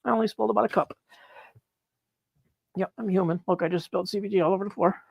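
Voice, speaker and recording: A man chatting excitedly on a live stream as he works on his mushroom grow, laughing and apologizing often. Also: sits high, fast, vocal fry, dry recording. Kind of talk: live-stream chat while working. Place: grow room, indoors.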